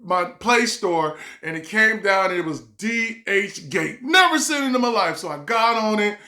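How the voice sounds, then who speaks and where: A woman vlogger telling a comic story in loose, repetitive casual phrasing, breaking into animated exclamations. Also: mid-range voice, moderate pace, echoey room.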